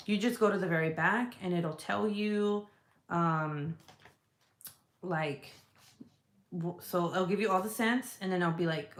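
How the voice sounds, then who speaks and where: A woman's voice: on the low side, a little slow. A woman chatting casually to her viewers about products she sells, swearing freely, rambling and laughing as she goes. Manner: profane, rambling and laughing, talks straight to viewers. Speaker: online seller of home fragrance products. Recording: roomy echoey room sound.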